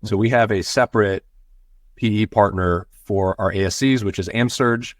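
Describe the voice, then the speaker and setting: A man who is a physician guest on a podcast, explaining things in a measured, conversational way. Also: on the low side, no room sound, studio quality. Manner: measured, explanatory, with many fillers. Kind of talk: conversational interview answers.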